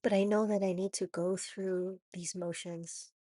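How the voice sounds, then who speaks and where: A woman with a raspy voice from a cold, talking haltingly in a personal confessional vlog with many restarts and "you know"s. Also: mid-range voice, flat delivery, warm tone, no echo, clean studio sound. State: hoarse from a cold. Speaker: vlogger.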